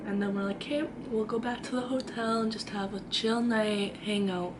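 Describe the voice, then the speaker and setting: A woman's voice: medium pitch, steady tone, normal speed, slight background noise. A young woman vlogging from her own room, telling a dramatic story in a chatty way and acting out the quotes. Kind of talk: storytime vlog.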